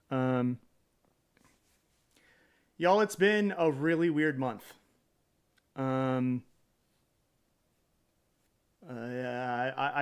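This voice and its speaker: A man's voice: fairly high pitch, smooth. Rambling man chatting on a live stream. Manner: rambling, hesitant, greets viewers by name; jokey and self-deprecating. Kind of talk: casual live-stream chat.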